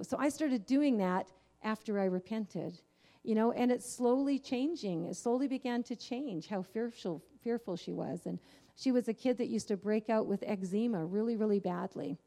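A woman's voice: fairly high pitch, warm tone. Earnest woman sharing a faith testimony. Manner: earnest, candid storytelling with many fillers. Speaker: Christian teacher. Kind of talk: personal testimony in a faith teaching.

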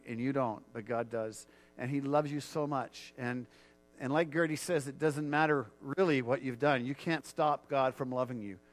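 A male pastor delivering a sermon at an ordinary middle pitch. He talks earnestly, repeating his points and often restarting his sentences. He moves into leading a heartfelt prayer. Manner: earnest, repetitive, frequent restarts.

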